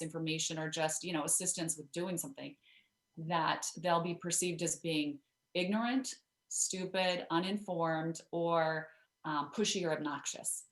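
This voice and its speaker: A woman's voice: lowish voice, echoey room. A woman guest author telling a story in an interview, chatty with many fillers and restarts.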